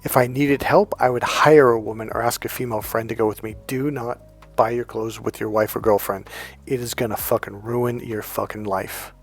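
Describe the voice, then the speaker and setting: A man's voice: mid-range voice, steady tone, normal speed, gravelly, breathy edge, faint music behind. A middle-aged man coaching on dating, giving blunt, profane advice mixed with stories. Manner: profane, emphatic, storytelling. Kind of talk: blunt advice monologue with anecdotes.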